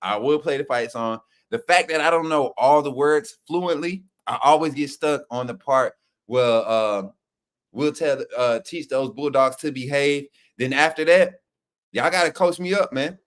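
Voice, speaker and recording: A man hosting a fan live stream, talking like a preacher, calling out to viewers, shouting and laughing often. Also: medium pitch, a little slow. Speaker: sports channel host. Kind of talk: live-stream chat, mock preacher call.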